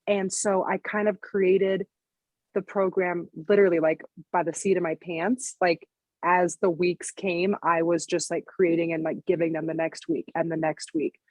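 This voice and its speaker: A woman in her thirties with a slightly low, dry, close-miked voice, telling her story as a podcast guest. She talks in a loose, chatty way, piling on "like" and "you know". She sounds like a coach describing her own business. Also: flat delivery, a little mellow, no echo. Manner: chatty, lots of "like" and "you know", quick laughs. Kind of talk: casual podcast conversation.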